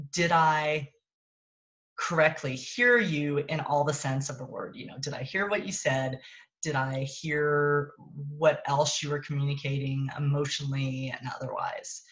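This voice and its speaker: A woman with a low voice gives a casual parenting talk over a phone mic. She thinks out loud, stops to rephrase, and keeps a relaxed, conversational flow. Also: rough recording. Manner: conversational, thinks aloud and corrects herself. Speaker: parenting coach. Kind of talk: casual teaching talk on a live stream.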